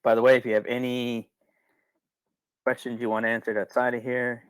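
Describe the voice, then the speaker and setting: A man's voice: mid-range voice, flat delivery, moderate pace, clean tone, no room sound. Chatty man hosting a webinar, dry sound. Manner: rambling, colloquial, repeats himself when worked up. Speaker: webinar host. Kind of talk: casual webinar talk.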